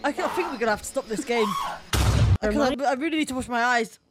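A young British woman co-hosting a podcast, chatting casually, laughing, swearing and complaining loudly. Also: on the high side, fast, loud music behind the voice. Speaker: podcast co-host. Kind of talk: casual chat.

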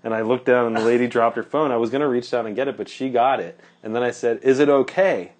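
A man tells a story in loose, rambling podcast chat, full of fillers. His voice sits at an everyday middle pitch. He laughs through his own tale. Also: steady tone, fast. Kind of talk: casual storytelling.

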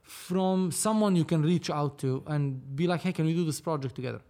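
High-voiced man, animated. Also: a little fast. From Lebanon. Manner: animated, repeats himself, mixes in Arabic. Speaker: podcast guest, entrepreneur. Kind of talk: casual conversation.

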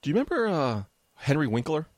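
A middle-aged man co-hosting a podcast, teasing his co-host with fast, mock-offended banter. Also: on the high side, sing-song, darkish tone, dry recording, clean studio sound. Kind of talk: casual banter.

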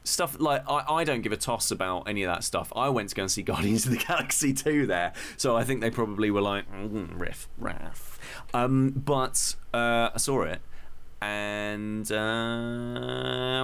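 A man's voice: medium pitch, moderate pace, fairly bright tone, clean tone. A man co-hosting a casual podcast, blunt and offhand, hesitating and searching for words. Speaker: podcast co-host.

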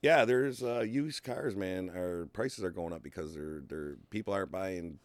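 A man's voice: deep voice, moderate pace. Laid-back man chatting on a talk show. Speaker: show host. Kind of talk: casual chat. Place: indoors behind a screen.

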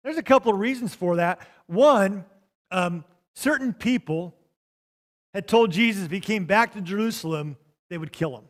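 A man preaching a sermon, emphatic and repetitive, dropping to a softer tone for quoted scripture. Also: sits high, normal speed. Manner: emphatic, repeats phrases, drops to soft tones for quotes. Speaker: pastor.

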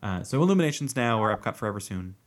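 Low-voiced joking male podcast host. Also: sing-song, rapid-fire. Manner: joking, self-mocking, rambling with fillers. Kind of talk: casual chat.

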